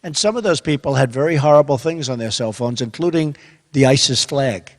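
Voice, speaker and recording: An older man in his seventies giving a campaign speech at a rally event, repetitive and emphatic, swinging between quiet asides and loud bursts. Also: medium pitch, fairly quick. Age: 70s. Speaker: candidate speaking at a rally event. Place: large hall with an audience. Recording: echoey hall with crowd behind.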